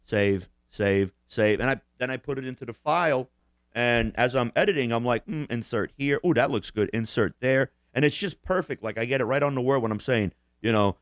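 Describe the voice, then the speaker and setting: A man's voice: medium pitch, lively intonation, fairly quick, smooth, no echo, clean studio sound. A man co-hosting a casual podcast chat, profane and boastful, laughing often at his own stories. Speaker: podcast co-host.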